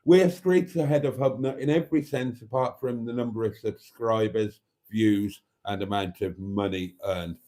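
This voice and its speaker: A man hosting a live stream, reading out viewer comments in a wry, theatrical way, calling his viewers darlings, relaxed and a bit rambling as he sips wine. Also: on the low side, moderate pace, hardly any pauses. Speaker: channel host.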